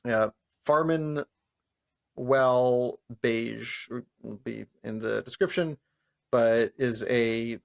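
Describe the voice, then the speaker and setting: A man with a gravelly, fry-laden voice at a middling pitch, talking casually as a podcast co-host. He is relaxed and profane and laughs easily. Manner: laid-back, profane, laughs often. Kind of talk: casual chat.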